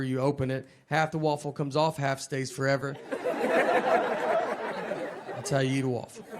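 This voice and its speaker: A man in his thirties doing a slow, deadpan stand-up routine on a comedy stage, with drawled fillers. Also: on the high side. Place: comedy stage before a laughing audience. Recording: live show with audience noise.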